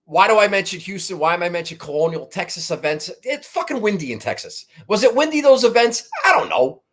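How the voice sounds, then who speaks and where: High-voiced profane golf-picks man. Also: sing-song, fast, fairly bright tone. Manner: profane, rambling, self-mocking. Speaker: golf betting podcast host. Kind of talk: casual chat.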